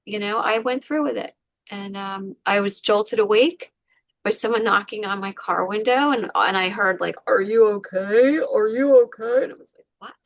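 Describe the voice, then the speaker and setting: A woman's voice: medium pitch, moderate pace, no room sound. A woman, a podcast guest, candidly retelling a painful personal story with many fillers. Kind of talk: emotional personal story in an interview.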